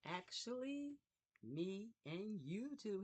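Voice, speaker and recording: A woman hosting a casual craft livestream from her home craft room, talking slowly and reflectively to viewers. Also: on the low side. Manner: slow, warm, reflective talk to viewers. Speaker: YouTube craft livestream host. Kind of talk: casual live vlog chat.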